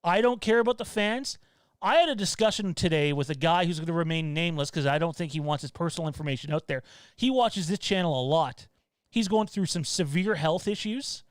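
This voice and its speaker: Blunt, rambling male stream host, swears freely, higher voice, dry room. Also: brisk, clear, resonant tone, no room sound. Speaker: show host. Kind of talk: casual livestream chat. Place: at home.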